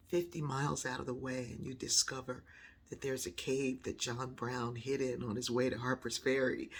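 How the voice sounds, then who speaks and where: A woman's voice: extremely low pitch, husky. A woman telling a personal story in a reflective monologue, acting out voices when she quotes people. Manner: animated, acts out voices in quoted dialogue.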